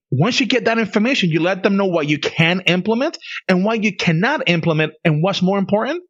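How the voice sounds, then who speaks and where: Animated man on a workplace podcast. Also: on the high side, no room sound, muffled recording. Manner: animated, laughs often, emphatic. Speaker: podcast co-host. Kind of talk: casual conversation.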